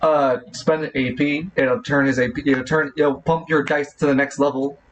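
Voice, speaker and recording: A man's voice: medium pitch, flat delivery, normal speed, a little hiss or hum, poor audio. A man running a tabletop game as game master, narrating with many fillers and restarts.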